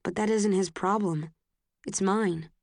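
A woman narrates a novel in the first person with an earnest, emotional delivery. Her voice sits at a middle pitch for a woman. The recording is dry and close, with no trace of room. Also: steady tone, measured pace, vocal fry, a little mellow, no room sound. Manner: earnest and emotional, rising sharply in arguments. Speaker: audiobook narrator.

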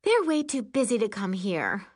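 A snobbish preteen girl at summer camp, played by a woman narrator. She drawls her words with lofty haughtiness. The delivery is slow and rises and falls in a lively way. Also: fairly high pitch, pitched above the performer's own voice, full character voice. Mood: haughty.

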